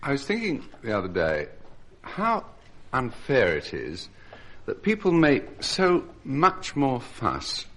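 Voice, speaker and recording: A man's voice: mid-range voice, huge pitch swings, slow pace, fairly bright tone. A man on a comedy panel show, giving a comic monologue with a wry, dry delivery.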